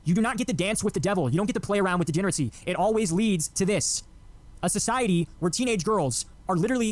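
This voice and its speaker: A man's voice: high-pitched, lively intonation, fast. A man delivering an angry, profane political rant, mocking the people he quotes. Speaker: online commentator.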